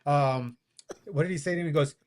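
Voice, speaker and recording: Fairly quick and a little high, yet darkish in tone, this man's voice carries a casual personal story on a podcast. Likely in his forties, he voices the dialogue and laughs as he goes.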